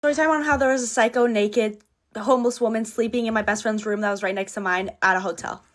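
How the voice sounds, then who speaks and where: A woman telling a story in an excited, profane, breathless way. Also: on the high side, fast talker. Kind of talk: casual storytime.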